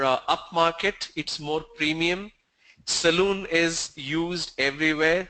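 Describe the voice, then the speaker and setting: Bright-voiced male trainer. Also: a little high, steady tone, poor audio. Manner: explanatory, slow stressed examples. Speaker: English pronunciation trainer. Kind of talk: online training session.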